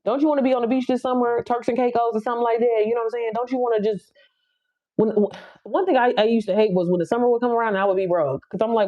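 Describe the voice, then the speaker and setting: A woman, chatting casually and bluntly with viewers on her livestream, laughing often and jumping up high for emphasis. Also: fairly even intonation, rapid-fire. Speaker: livestream host. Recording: slightly dull lo-fi audio.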